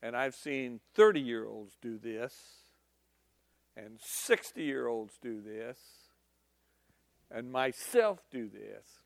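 A man's voice: mid-range voice, big pitch swings, slow, vocal fry, a bit bright, no room sound, studio quality. A man preaching a sermon in a conversational, emphatic storytelling manner.

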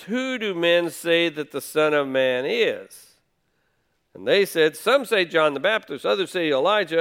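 A man's voice: fairly high pitch, a bit bright, clean tone. A man preaching a conversational sermon, reading scripture and retelling it in casual everyday words. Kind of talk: sermon teaching.

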